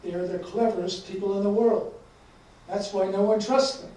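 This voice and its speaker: A man puts on a hostile older recruiter who sneers and barks. The voice rises higher than the reader's own. It sits far from the mic in a very reverberant hall. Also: steady tone, moderate pace, warm tone, lightly acted. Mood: scornful. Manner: scornful, raising his voice. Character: angry older male Egyptian army recruiter. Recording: echoey hall, mic from far off, faint noise.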